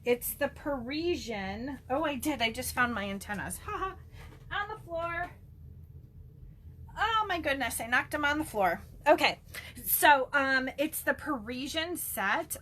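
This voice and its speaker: A woman's voice: sits high, lively intonation, unhurried, a bit bright, a little hiss or hum. A woman chatting through a casual card-making demo, gushing and full of ums. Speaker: stamping demonstrator.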